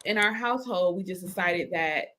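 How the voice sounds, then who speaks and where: A woman's voice: lowish voice, moderate pace. A woman co-hosting a casual chat, talking easily about her household and kids. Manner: relaxed, conversational, talks about her household. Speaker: co-host.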